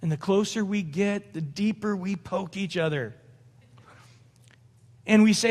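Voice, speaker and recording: A man's voice: high voice, unhurried, pauses often, darkish tone. Man preaching in a reverberant hall. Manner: conversational preaching with laughs and acted-out quotes. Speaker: pastor. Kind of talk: sermon. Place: church sanctuary.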